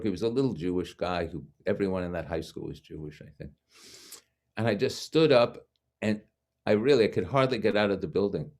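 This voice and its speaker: A man's voice: low-pitched, darkish tone. A man in his seventies from Brooklyn, a guest speaker telling a personal story, frank and wry with self-mocking asides. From Brooklyn, New York. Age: 70s.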